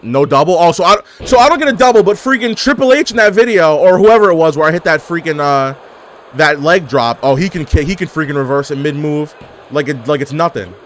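A man's voice: on the high side, lively intonation, fairly quick. A man giving casual gameplay commentary, exclaiming and throwing out playful trash talk. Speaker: gaming YouTuber.

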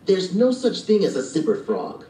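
A man's voice: high-pitched, huge pitch swings, moderate pace, dark tone, roomy sound, recorded from a distance, voice pushed up. A man doing an eager little boy. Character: eager earnest little boy, younger brother.

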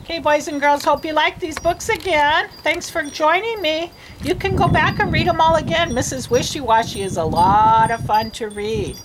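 A woman's voice: high-pitched, normal speed, few pauses. A woman reading teacher reading a storybook aloud to children, patient and encouraging. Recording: noisy home recording.

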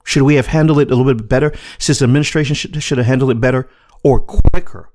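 A man's voice: mid-range voice, fast talker, a little mellow. A man hosting a casual commentary podcast, talking emphatically with repeats and swearing. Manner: emphatic, repetitive, profane. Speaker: podcast host.

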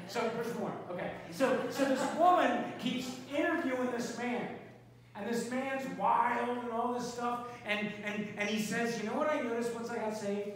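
A man's voice: very high-pitched, normal speed, fairly bright tone. A man speaking as a pastor, giving casual announcements and a short sermon, chatty and rambling with lots of fillers. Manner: conversational, rambling with many fillers. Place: church sanctuary. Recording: echoey sanctuary from a distance, faint noise.

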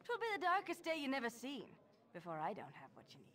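Ominous shopkeeper, archaic lilting delivery, high and swooping, fast, set back from the mic. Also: female voice, wildly swooping pitch, fairly bright tone, a little hiss or hum. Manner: archaic, portentous speech. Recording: distant game audio under stream talk.

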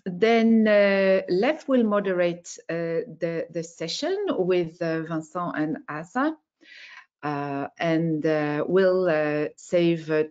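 A woman with a lowish, slightly mellow voice opens an online webinar over a video call, hesitating and using many filler sounds. The recording is muffled.

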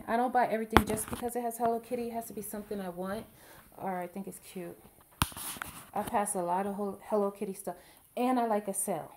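Woman, middle-aged, casual show-and-tell vlog, rambling, chatty, slightly high voice. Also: background noise. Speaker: video blogger.

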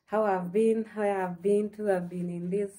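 A woman's voice: medium pitch, fairly even intonation, moderate pace, mellow. A woman with a Kenyan accent chatting to her viewers in a casual, heartfelt vlog, dropping in Swahili phrases. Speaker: vlogger. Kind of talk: casual chat to camera.

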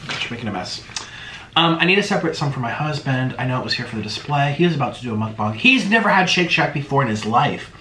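A man's voice: medium pitch, fast, a little hiss or hum. A man hosting a casual eating vlog, gushing and exclaiming over each bite. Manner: excitable, gushing, full of exclamations. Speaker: mukbang host. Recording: roomy echo.

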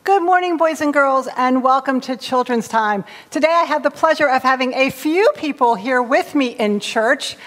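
Woman, children's time leader, high voice, long church reverb. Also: moderate pace, few pauses. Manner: bright, animated storytelling to children. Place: church, sitting on the steps.

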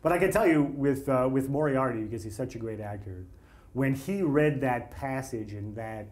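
A man, a screenwriter guest on a talk show, telling animated anecdotes with quotes acted out in a casual chat. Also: medium pitch, normal speed. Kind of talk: casual storytelling.

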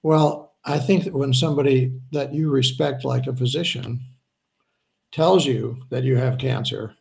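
Male healer guest, gravelly mid-pitched voice, earnest and unhurried. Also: steady tone, a little mellow. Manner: earnest, slows down to stress points, acts out quoted voices. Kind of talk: conversational interview answers.

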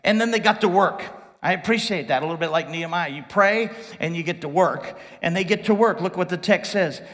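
A middle-aged man preaching a sermon in a church, animated and conversational, full of rhetorical questions. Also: high-pitched, a little fast, in a large hall. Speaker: guest preacher. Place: church sanctuary.

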